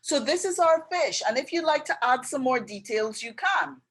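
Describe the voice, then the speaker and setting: A woman giving a casual drawing tutorial, gently narrating each step as she draws. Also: sits high, lively intonation, normal speed, poor audio. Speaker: art tutor. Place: indoors with passing road traffic.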